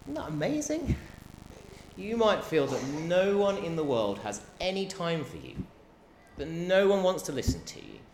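A man's voice: on the high side, wildly swooping pitch, normal speed, darkish tone. A man preaching a sermon, impassioned, acting out the cries and the crowd's voices as he goes. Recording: roomy hall echo, faint background noise.

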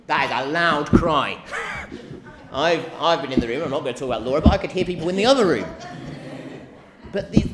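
A male preacher delivering an impassioned sermon at a middling pitch. He leans into the quoted pleas and crowd lines, with a roomy echo and faint noise behind him. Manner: impassioned, acts out cries and crowd voices.

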